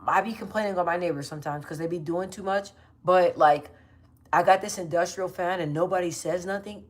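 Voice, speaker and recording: A woman in her thirties talks casually into her phone on a livestream, loose and slangy, tossing quick asides to her viewers. Her voice sits a little on the low side. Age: 30s. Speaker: livestream host. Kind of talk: casual livestream chat reading comments.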